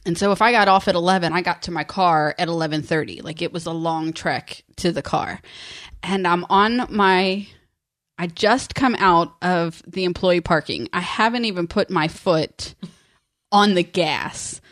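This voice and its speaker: A middle-aged woman chatting and telling stories, with quick asides and laughs. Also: lowish voice, fairly bright tone, dry recording, studio quality. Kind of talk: casual storytelling chat.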